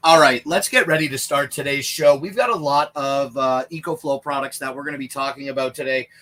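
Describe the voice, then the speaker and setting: Brief: man, Canadian accent, mid-pitched, casual rambling live-stream host in a camper. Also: moderate pace, a bit bright. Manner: chatty and rambling, answers viewer questions. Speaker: livestream product reviewer. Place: inside a small camper trailer.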